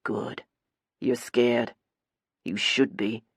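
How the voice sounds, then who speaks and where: A woman's voice: very deep voice, fairly even intonation, drawn-out words, slightly rough, no echo, clean studio sound, voice pushed down, heavily acted. A woman voicing a cruel, crude male gangster who threatens his captive in an audiobook. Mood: menacing. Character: menacing male gangster kidnapper, cruel and taunting. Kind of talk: audiobook character voice.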